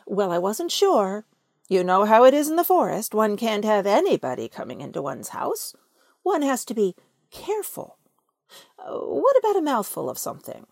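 A woman voicing a cautious, fussy male rabbit who talks primly and quickly. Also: medium pitch, wildly swooping pitch, creaky, a little mellow, no room sound, studio quality, full character voice.

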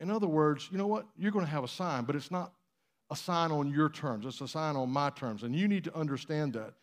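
High-voiced male pastor preaching. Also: a little fast. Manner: conversational, emphatic preaching with rhetorical questions. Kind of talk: sermon. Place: church.

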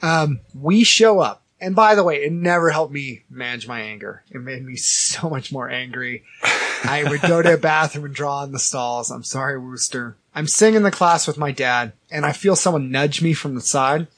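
Man in his 30s, podcast co-host, animated storyteller, slightly high and husky. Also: moderate pace. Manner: animated storyteller, acts out quoted dialogue, laughs often. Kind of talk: casual storytelling chat.

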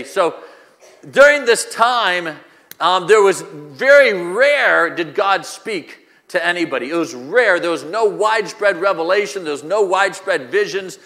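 A man's voice: high-pitched, animated, a little slow, bright, forceful tone, big-room sound. A male pastor preaching a sermon, using rhetorical questions and repetition, recorded in a church.

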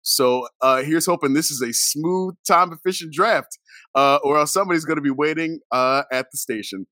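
A man's voice: a little high, normal speed, sharp tone, no room sound, studio quality. A man on a podcast panel, joking and rambling with lots of fillers. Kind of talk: casual podcast chat.

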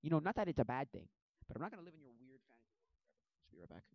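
Rambling man with a lively voice. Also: a little high, rapid-fire, dry recording. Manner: rambling, filler-heavy, animated. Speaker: movie vlogger. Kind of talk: casual rambling movie recap. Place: home desk at a computer. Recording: dull lo-fi audio, dry.

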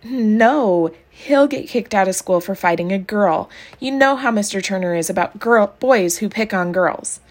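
A woman's voice: medium pitch, unhurried, few pauses. A woman voicing a clever, soothing girl. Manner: calm, reasoning and gently persuasive. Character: clever, soothing ten-year-old girl.

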